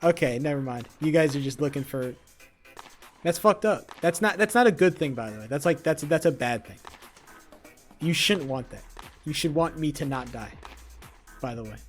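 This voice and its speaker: Loud, mocking young male streamer. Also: a little high, lively intonation, moderate pace, pauses often. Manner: loud, swearing, mocking banter with chat. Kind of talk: casual live-stream chat. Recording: faint music behind the voice.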